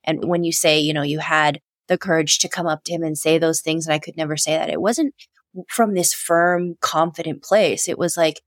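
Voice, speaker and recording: A woman with a notably low voice who speaks softly and thoughtfully. She lingers on her words with heartfelt sincerity, and the recording is close and dry. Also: fairly even intonation, moderate pace, dry recording. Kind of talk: reflective conversation.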